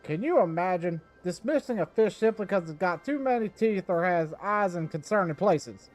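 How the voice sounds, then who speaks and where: A man's voice: high-pitched, lively intonation, moderate pace, soft background music, voice pushed up. A man voicing an eccentric, theatrical male fishmonger, reading his lines with grand storyteller flair.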